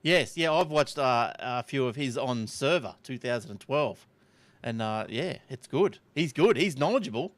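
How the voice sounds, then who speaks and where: A man hosting a tech podcast in a casual, chatty way, with quick asides. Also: mid-range voice, expressive, fairly bright tone, dry recording. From Australia. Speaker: podcast host. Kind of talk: casual chat.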